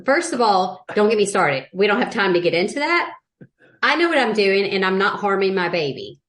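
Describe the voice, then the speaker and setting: Southern gal cohosting a podcast, cusses a lot, laid back and blunt. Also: female voice, mid-range voice, big pitch swings, brisk, fairly bright tone. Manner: blunt, sweary, laughs often. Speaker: podcast co-host. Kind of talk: casual chat.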